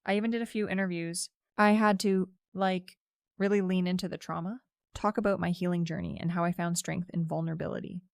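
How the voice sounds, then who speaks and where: A woman's voice: fairly low pitch, fairly even intonation, a little fast, clean tone, no echo, studio quality. A young woman narrating a first-person story in a casual, chatty way, with lots of "like" fillers.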